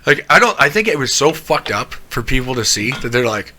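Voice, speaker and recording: A man spins a profane, rambling story in casual podcast chat, tripping over his own restarts. His voice is bright and forceful, sitting at a middle pitch. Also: big pitch swings, fairly quick, slight background noise.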